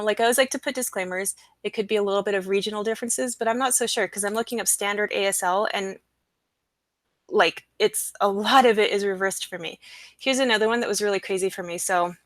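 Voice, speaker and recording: Excitable young woman live-streaming. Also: medium pitch, no room sound. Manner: excited, rambling, with fillers and disclaimers. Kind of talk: casual live-stream talk. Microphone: computer mic, screen sharing.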